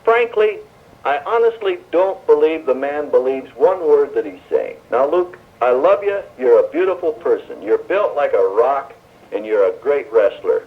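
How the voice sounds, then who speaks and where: A man's voice: medium pitch, lively intonation, normal speed. A man hosting a live call-in radio show, jovial and soothing with his guests. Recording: tinny 1970s radio broadcast with faint hiss.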